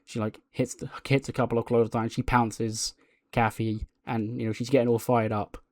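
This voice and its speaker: A man's voice: medium pitch, level tone, moderate pace, darkish tone, no echo. Man, casual game narration, rambling, laughs, dry close sound. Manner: rambling, laughing, lots of fillers. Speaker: game streamer.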